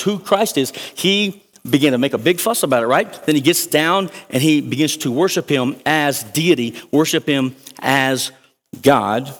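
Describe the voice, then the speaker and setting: A man preaching a sermon as a pastor, energetic and conversational, with jokes and asides to the congregation. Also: on the high side. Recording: long reverb of a large hall.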